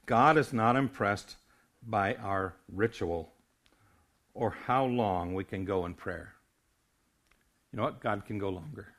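A man's voice: lowish voice, takes it slowly, pauses often, fairly bright tone. An older man preaching a sermon as a pastor, earnest, often stumbling and restarting his words.

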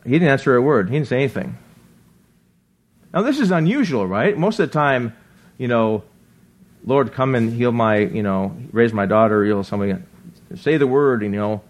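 A man preaching a sermon in a conversational way, reading scripture aloud and often checking in with listeners with a quick "right?". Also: mid-range voice, animated. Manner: reads scripture aloud, acts out quotes. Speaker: pastor.

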